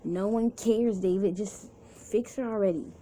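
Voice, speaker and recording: A woman's voice: medium pitch, unhurried, dark tone, a little hiss or hum, lightly acted, low-quality recording. A woman voicing a blunt, sarcastic camp boy who insults the others, reading his lines in a fan story. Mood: annoyed.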